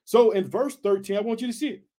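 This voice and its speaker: A man's voice: sits high, quick pace, mellow. A man preaching a sermon on a scripture reading, emphatic, repeating exhortations and asking the listener questions.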